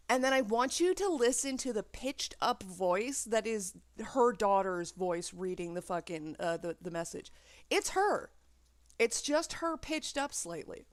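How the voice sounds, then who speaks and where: A woman's voice: on the high side, dry recording. A woman making a reaction video, ranting with indignation and swearing freely in casual commentary.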